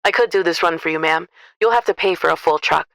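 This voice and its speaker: A woman voicing a polite male trucking dispatcher with a smooth voice and a courteous, businesslike manner on the phone. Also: low voice, fast talker, a bit bright, dry recording.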